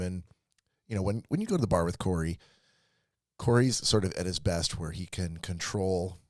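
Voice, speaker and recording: Lower-voiced guy, laughing thru a bar story on a podcast, dry close mic. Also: no echo. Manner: laughing storyteller, swears freely. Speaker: podcast co-host. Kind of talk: casual chat.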